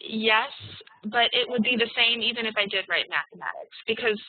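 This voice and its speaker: A woman teaching an online English class, spelling out example sentences slowly and deliberately. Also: fairly high pitch, crowd noise. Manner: slow, deliberate dictation of examples. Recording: tinny, dry call audio.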